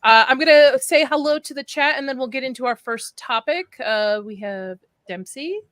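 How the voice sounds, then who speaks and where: A woman's voice: high-pitched, moderate pace, a bit bright, no room sound, clean studio sound. A chatty woman hosting a casual live stream, laughing as she talks and getting over a flu. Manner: chatty, laughs between words. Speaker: stream host.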